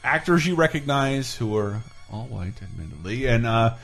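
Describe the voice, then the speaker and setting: A man's voice: medium pitch, animated, normal speed, music in the background. Rich: A male podcast host with a mid-range voice that swings up and down a great deal as he rambles. He laughs at his own points and swears casually. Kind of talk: casual chat.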